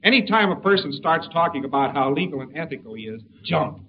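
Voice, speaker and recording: A man giving a conversational lecture, halting and repeating words as he goes, on a lo-fi tape with faint hiss. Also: on the high side, expressive.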